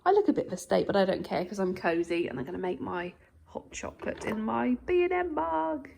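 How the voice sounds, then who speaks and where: A woman's voice: lowish voice, fast talker, creaky, mellow, slight background noise. A woman chatting casually to her viewers in a home vlog, filmed on a handheld camera around her house and garden greenhouse. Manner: chatty, talks straight to viewers. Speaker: vlogger.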